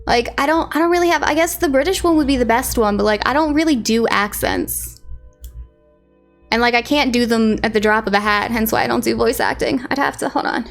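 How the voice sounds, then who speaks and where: A woman's voice: on the high side, a little fast, faint music behind. A woman streamer chatting casually with her viewers and greeting them by name. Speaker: live streamer.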